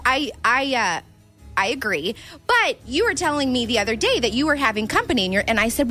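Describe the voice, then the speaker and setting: High, lively teasing woman. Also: a little fast, soft background music. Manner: teasing, laughing often. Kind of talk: casual chat.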